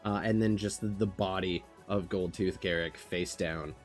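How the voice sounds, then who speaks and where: A man's voice: low voice, fairly even intonation, moderate pace, faint music behind. A man running a tabletop game on a stream, casual and swearing as he narrates the action. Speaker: game master.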